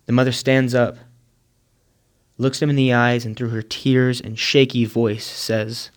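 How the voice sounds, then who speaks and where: A man telling a moving story in a sermon, measured and earnest, with dramatic pauses. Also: medium pitch, little pitch movement. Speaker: speaker.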